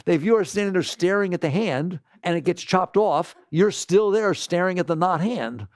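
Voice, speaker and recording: A man with a slightly high, gravelly voice teaches a live audience about the mind. He gets animated and acts out inner voices in exaggerated quotes. The sound is close and dry. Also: moderate pace, hardly any pauses, no echo. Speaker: spiritual teacher. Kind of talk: spiritual talk to a live audience.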